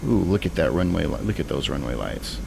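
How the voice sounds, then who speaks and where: A man's voice: a bass voice, animated, fairly quick, creaky, noisy background. A man streaming a flight simulator, thinking aloud in casual, rambling commentary.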